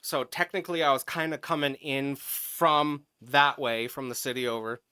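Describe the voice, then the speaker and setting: Bright, crisp-voiced podcast guy. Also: medium pitch, moderate pace, no room sound, clean studio sound. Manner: animated, profane, swings into loud yelling when retelling. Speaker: podcast co-host. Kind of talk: casual chat, storytelling.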